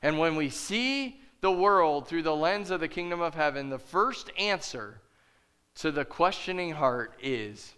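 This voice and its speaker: A man's voice: on the high side, lively intonation, measured pace, bright, forceful tone, clean tone. A man pastor preaching a sermon with emphatic, repeated phrases.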